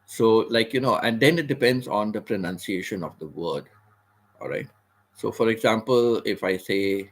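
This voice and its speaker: A man hosting a casual livestream, explaining words patiently and repeating phrases, with the occasional throat clear. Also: on the low side, lively intonation, normal speed. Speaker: livestream host. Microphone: computer or phone mic, seated.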